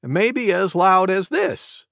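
A man's voice: sits high, lively intonation, takes it slowly, vocal fry, fairly bright tone, no room sound, clean studio sound, pitched above the performer's own voice, full character voice. A man voicing a fussy little male cuckoo bird in a chirpy, raised storybook voice. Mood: curious.

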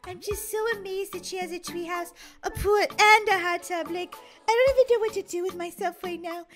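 A woman voicing a bubbly, excitable young girl who cries when she's happy, in a game role-play video. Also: very high-pitched, a little fast. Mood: overjoyed. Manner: gushing, over-the-top enthusiastic. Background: children's background music.

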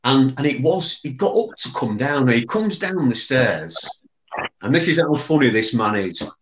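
A man's voice: mid-range voice, big pitch swings, normal speed, a bit bright, reverberant, slight background noise, low-quality recording. A man who chairs a memorial foundation, telling fond anecdotes and often repeating words as he recalls them. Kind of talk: reminiscing anecdote.

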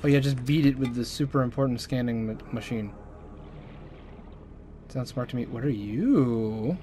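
Excitable young man playing a game. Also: medium pitch, normal speed, slight background noise. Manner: excitable, chatters to the game creatures, jokey swearing. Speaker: gaming channel host. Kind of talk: let's play commentary. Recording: game music running underneath.

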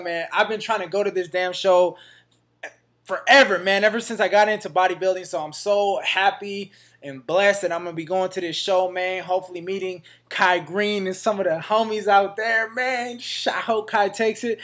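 A man's voice: sits high, fairly even intonation, normal speed, a bit bright. A man vlogging to his fans, hyped and slangy, with a Northern California accent, tossing "man" and "baby" into every line. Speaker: fitness vlogger. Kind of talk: casual vlog to camera.

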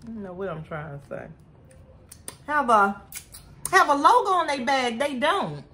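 Woman, casual eating vlog, slow talker, bright tone. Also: a little high, sing-song. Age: adult with a son. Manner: chatty, keeps addressing viewers as y'all. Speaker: food vlogger.

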